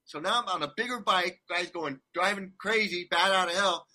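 A man's voice: high voice, moderate pace, pushed and bright. A man telling a rambling travel story in casual chat, laughing often and restarting his sentences. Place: condo abroad.

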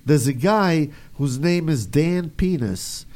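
A man's voice: fairly high pitch, animated, takes it slowly, a little mellow. A man hosting a casual chat, rambling with lots of fillers and laughing often. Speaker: host.

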